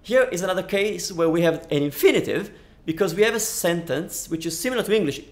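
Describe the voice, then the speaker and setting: A man teaching a language lesson on a live stream, chatting and answering viewers' questions at a studio microphone. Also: fairly high pitch. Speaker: Italian teacher.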